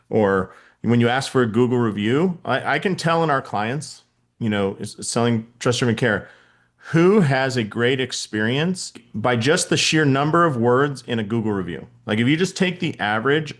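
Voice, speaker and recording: A man's voice: mid-range voice, animated, moderate pace. A man hosting a podcast interview, talking casually with lots of fillers and throwing out hypotheticals. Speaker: podcast host. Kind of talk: conversational interview.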